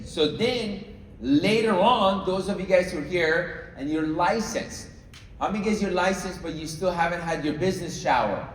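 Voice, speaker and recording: A man's voice: fairly high pitch, a little hiss or hum. A man giving a live sales training to a room, coaching the audience and often checking that they follow along. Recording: echoey hall, mic far off.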